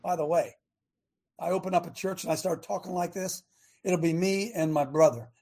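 A man with a high, husky voice hosts a fiery preaching talk. He hammers his points with rhetorical questions and stretches out the words he wants to land. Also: steady tone, moderate pace, dark tone. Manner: emphatic, rhetorical, drawing out key words. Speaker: radio show host.

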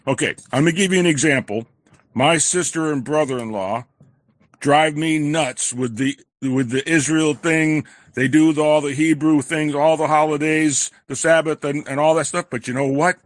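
Dry, measured man on a call. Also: a little high, fairly even intonation, dry recording. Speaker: caller. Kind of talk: casual chat.

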